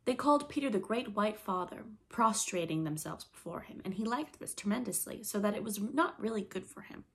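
A woman narrating a classic storybook in an expressive, lively reading manner. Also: mid-range voice, a little fast. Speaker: audiobook reader.

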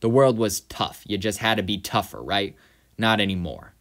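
A man reading aloud the lines of a bitter, drunken aging male vigilante who is breaking down, louder and slower than his own talk, with a lowish voice. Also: lively intonation.

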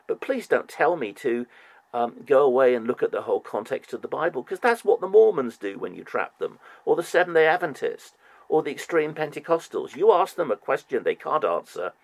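A man hosting a heated religious debate, insistent and animated, repeatedly pressing for proof and mocking long-winded answers. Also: mid-range voice, brisk, vocal fry, dry recording. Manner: mocking repetition. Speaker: show host debating a Jehovah's Witness by phone.

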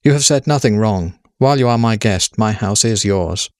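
A man's voice: fairly low pitch, normal speed, darkish tone, no room sound, clean studio sound, lightly acted. A man doing a proud old noblewoman. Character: proud elderly noblewoman hostess.

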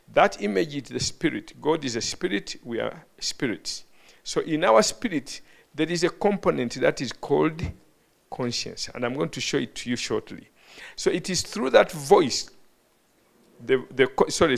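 A man's voice: mid-range voice, gravelly. A man preaching a teaching sermon to a live audience in a hall, often calling questions out to listeners and stumbling over words. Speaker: bishop preaching.

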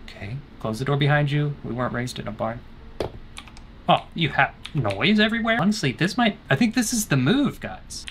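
A man's voice: fairly high pitch, lively intonation, moderate pace, a little hiss or hum. A young man commenting on a horror game as he plays, teasing the characters, joking and letting out panicked yelps. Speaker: gaming streamer. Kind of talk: let's-play commentary. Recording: loud game music behind.

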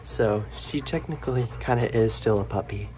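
A man's voice: lowish voice, normal speed, a little mellow, a little hiss or hum. A young man casually vlogging in a friendly, rambling way with lots of fillers, talking into an action camera he wears while outdoors at his grandparents' house. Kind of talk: casual vlog chat. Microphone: action camera worn on body.

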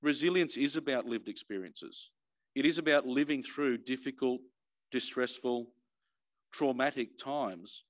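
A middle-aged Australian man speaks in an earnest, emphatic way, at a moderate pitch for a man. He often repeats a word as he restarts a thought, like a commissioner making a personal plea. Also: a little slow. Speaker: fire and emergency commissioner.

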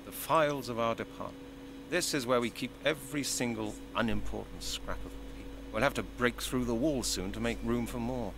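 A man's voice: medium pitch, a little fast, creaky, lightly acted. A man playing a dry, weary detective. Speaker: game character.

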